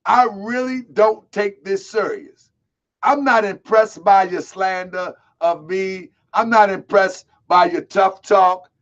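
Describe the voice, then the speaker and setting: A man from Baltimore hosting a live online show, talking loud, boisterous and streetwise, calling people out. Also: high voice, steady tone, slow pace, highs cut off. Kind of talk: casual live-stream talk.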